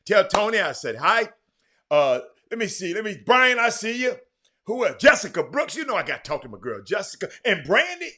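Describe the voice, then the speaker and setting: A middle-aged man, hosting a live sports talk stream in an animated way, full of fillers and repeats. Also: sits high, brisk. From Houston, Texas. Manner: animated, talks straight to the chat, lots of fillers and repeats. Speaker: sports talk show host.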